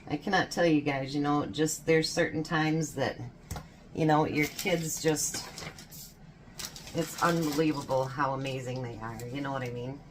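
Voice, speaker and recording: A woman's voice: sits low, a little hiss or hum. A woman in her fifties chatting casually while baking in her kitchen, telling stories and laughing often. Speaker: home baking vlogger.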